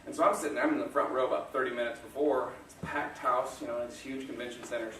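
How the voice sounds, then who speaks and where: A man's voice: mid-range voice, fairly even intonation, fast talker, fairly bright tone, slight background noise. A man giving a motivational talk to an audience, telling self-deprecating stories and chuckling often. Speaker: guest speaker. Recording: echoey room, distant mic.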